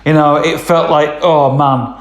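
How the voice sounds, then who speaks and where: Slow rambling man telling a story. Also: on the high side, steady tone, reverberant. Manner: rambling, lots of ums and "I says". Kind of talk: casual spoken anecdote.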